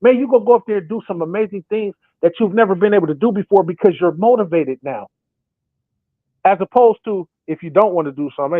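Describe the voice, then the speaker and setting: Young male sports podcaster, high voice, animated, dry tinny line. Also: fast talker, dry recording. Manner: acts out imagined quotes in put-on voices. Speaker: podcast co-host. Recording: thin phone-like sound.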